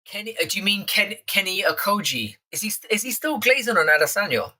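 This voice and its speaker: A man's voice: high-pitched, lively intonation, a little fast, pushed and bright. A young man with a London accent hosting a live stream chat, casually swearing and teasing the viewers in his chat.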